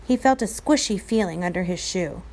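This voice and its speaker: Lively, expressive woman teacher reading aloud. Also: lowish voice, normal speed.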